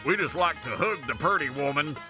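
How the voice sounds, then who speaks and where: A man's voice: on the high side, lively intonation, fairly quick, lightly acted. A man playing a rowdy, hollering redneck caller with a whooping country drawl. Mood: folksy. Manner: yelps and hollers, folksy. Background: faint country music.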